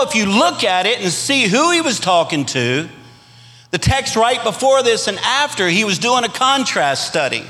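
A middle-aged pastor from Louisiana with a Cajun accent, preaching a sermon with rising emphasis and calls for amens. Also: male voice, sits high, bright, forceful tone. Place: church sanctuary. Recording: long hall reverb.

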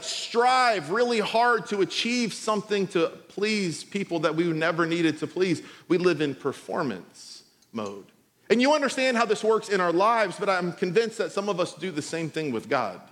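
A man with a high-pitched voice preaches to his congregation. His talk is loose and conversational, and he slips easily into funny stories. The sound carries the long reverb of a church hall. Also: a bit bright. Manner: conversational, storytelling with humor. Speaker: pastor. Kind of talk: sermon.

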